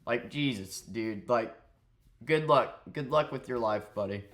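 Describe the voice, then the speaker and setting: A man's voice: mid-range voice, unhurried, fairly bright tone. A young man ranting on his vlog, profane and sarcastic, swearing heatedly at another streamer. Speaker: streamer and vlogger.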